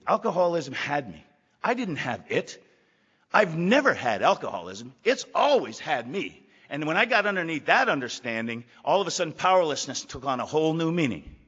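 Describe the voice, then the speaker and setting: An older man giving a blunt, emphatic personal testimony to a recovery meeting, gruff and profane, repeating phrases for weight. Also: on the high side, sing-song, normal speed, a bit bright. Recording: echoey hall, dull lo-fi sound.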